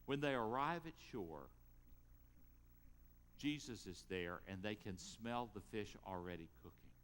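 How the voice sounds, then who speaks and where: Man preaching slowly in a reverberant church. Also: on the low side, slight background noise. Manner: storytelling, lively rises and drops. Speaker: pastor. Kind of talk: sermon. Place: church sanctuary.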